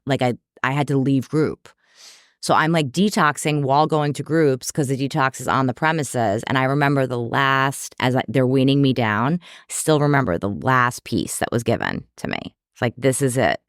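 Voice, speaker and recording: A woman telling her life story on a podcast, bringing each person she quotes to life in an animated retelling. Her voice comes through smooth and clear. The sound is close and dry, with no room around it. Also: extremely low pitch, normal speed, no room sound. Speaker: psychotherapist guest. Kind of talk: casual storytelling interview.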